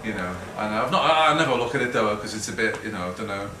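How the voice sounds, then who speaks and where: This middle-aged man from Liverpool, England, speaking with a Liverpool accent, delivers a fast, expressive, rambling anecdotal talk in a lowish voice to a live event-hall audience. He's chatty and self-mocking, laughing often and acting out quotes. The sound is echoey, with a far-off mic and background noise.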